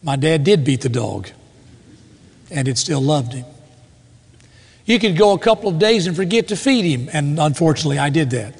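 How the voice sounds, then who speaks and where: A man preaching a sermon with emphatic, slow dramatic pauses. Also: fairly high pitch, lively intonation, creaky, slightly rough. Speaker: pastor. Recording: reverberant hall.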